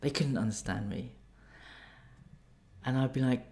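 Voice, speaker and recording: Calm, animated English man telling a story. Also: mid-range voice, moderate pace, pauses often. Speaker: life coach. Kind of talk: storytelling vlog.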